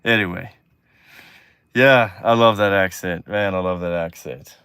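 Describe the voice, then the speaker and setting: A man's voice: deep voice, unhurried, pushed and bright, clean tone, dry recording, clean studio sound. A man from Texas with a Texan accent hosts a live stream in casual chat, rambling easygoingly and trailing off with lots of "you know" asides. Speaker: host.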